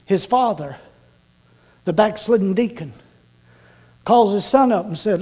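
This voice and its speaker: High-voiced dramatic preacher man. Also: animated, unhurried, husky. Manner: dramatic, swings from loud to hushed. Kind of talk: sermon storytelling.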